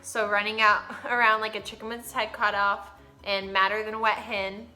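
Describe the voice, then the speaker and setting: A woman's voice: mid-range voice, level tone, moderate pace, bright, forceful tone, faint music behind. A young woman, chatting casually and giggling as she acts out little quotes. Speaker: vlog co-host. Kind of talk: casual chat.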